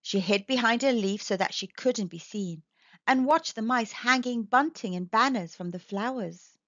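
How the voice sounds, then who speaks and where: A woman reading a children's picture book aloud, gentle and expressive. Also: on the high side, moderate pace, no room sound. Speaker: storyteller. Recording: dull dry recording.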